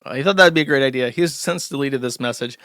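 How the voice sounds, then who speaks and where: Bright-voiced sarcastic male streamer. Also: medium pitch, quick pace, clear, resonant tone, no echo, studio quality. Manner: mocking, sarcastic, rambling with many fillers. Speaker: streamer host. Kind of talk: casual live-stream commentary.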